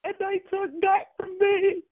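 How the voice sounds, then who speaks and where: A woman's voice: sits high, moderate pace. A woman voicing a distraught man from Mississippi who sobs and stammers over the phone. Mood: sobbing. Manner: whiny, sobbing, stammering. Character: distraught Southern man from Mississippi, sobbing superfan. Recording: phone line.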